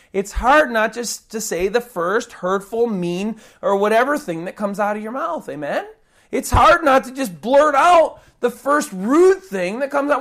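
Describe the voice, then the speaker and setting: A woman preaching a sermon, earnest and animated, acting out prayers and rude retorts as examples. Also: medium pitch.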